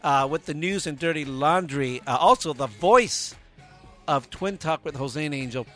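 Male co-host, bright and upbeat, casual intros, light music underneath. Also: a little high, animated, normal speed. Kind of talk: casual radio show chat.

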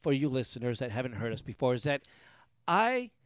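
A man's voice: mid-range voice, sing-song, fairly quick, clear, resonant tone, no room sound, clean studio sound. A man co-hosting a casual podcast from a garage, talking in long rambling stretches full of restarts. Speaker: podcast co-host. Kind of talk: casual banter.

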